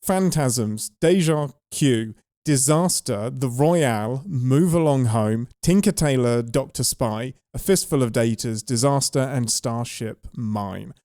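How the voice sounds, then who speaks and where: Enthusiastic man with a mellow voice. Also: mid-range voice, dry recording, clean studio sound. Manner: enthusiastic, quick laughs. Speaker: podcast co-host. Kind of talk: casual chat.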